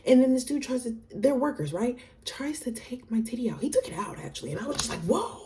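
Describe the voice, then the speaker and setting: A young woman telling a casual storytime vlog, slangy and animated, with fillers all through. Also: fairly high pitch, quick pace, far from the mic. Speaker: vlogger.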